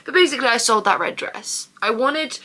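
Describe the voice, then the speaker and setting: A woman's voice: a little high, a little fast, bright, forceful tone. A woman, chatting in a casual vlog while doing her skincare, rambling, swearing and poking fun at herself. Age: 20s. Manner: rambling, sweary, self-mocking. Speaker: vlogger.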